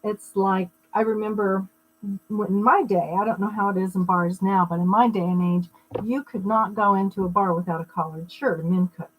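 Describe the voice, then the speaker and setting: A woman's voice: mid-range voice, fairly even intonation, moderate pace, narrow, tinny audio. A middle-aged woman giving a live-streamed teaching talk on personal growth, explaining in a conversational way with personal anecdotes and asides to viewers. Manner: greets viewers mid-talk. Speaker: spiritual wellness teacher.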